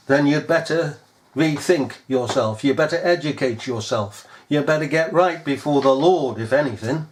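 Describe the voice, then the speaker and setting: A man's voice: fairly high pitch, a little hiss or hum. A man preaching a fiery sermon, scolding his listeners with pointed rhetorical questions.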